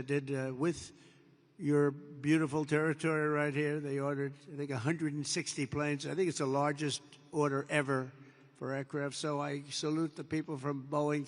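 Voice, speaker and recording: An older man giving a rambling speech as president, digressing and repeating himself, acting out bits of dialogue in an anecdote. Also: on the high side. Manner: digressive, repetitive, with acted-out quotes. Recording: long reverb of a large hall.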